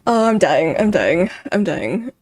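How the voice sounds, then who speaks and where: A woman's voice: mid-range voice, big pitch swings, a little slow, darkish tone. A young woman streaming, chatting casually with her viewers, rambling and breaking into giggles often. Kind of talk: casual chat with live chat.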